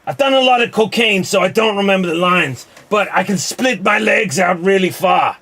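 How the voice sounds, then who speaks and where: A man doing an improv impression of a loud, boastful action star in a mangled put-on accent. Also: high voice, lively intonation, normal speed, voice pushed up, exaggerated voice. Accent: mangled put-on accent, Cuban-leaning.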